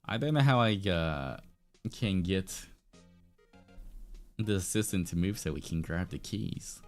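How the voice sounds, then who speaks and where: A man's voice: low-pitched, lively intonation, unhurried, soft background music. A young man streaming a game, thinking aloud in a puzzled, laughing way. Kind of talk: casual game commentary.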